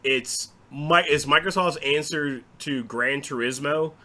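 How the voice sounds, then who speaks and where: A man from the United States co-hosting a casual gaming chat, animated and sarcastic. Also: on the high side, unhurried. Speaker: podcast co-host.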